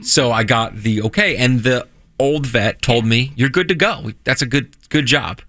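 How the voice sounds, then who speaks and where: Rich: A young man talks casually on a radio show, circling back and restarting his sentences as he tells a story. His voice is bright and forward. He is recorded on a dry, close studio mic. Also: medium pitch, moderate pace, no echo. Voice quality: rambling, self-interrupting storyteller. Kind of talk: casual chat.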